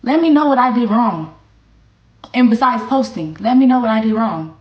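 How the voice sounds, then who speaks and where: A woman's voice: on the high side, expressive, normal speed, muffled recording. A young woman streamer, ranting bluntly and defiantly, swearing and repeating herself. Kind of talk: livestream rant. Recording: echoey room with faint music.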